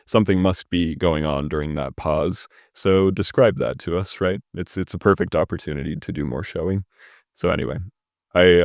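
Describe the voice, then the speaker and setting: Casting: deep-voiced young male host, casual writing critique, dry close sound. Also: a little mellow, no echo. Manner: casual, hedging, ends points with "right?". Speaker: host critiquing a submitted story.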